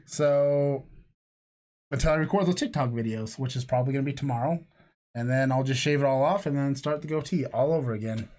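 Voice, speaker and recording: A man's voice: mid-range voice, a little fast, darkish tone. A man co-hosting a casual podcast, rambling through jokes and tangents and laughing often. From lived in Florida. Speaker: podcast co-host. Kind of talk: casual chat.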